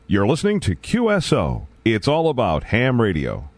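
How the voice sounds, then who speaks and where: A man's voice: mid-range voice, wildly swooping pitch, moderate pace, no room sound, clean studio sound. A man hosting a radio show, reading a station announcement. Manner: clear announcer delivery, spells things out.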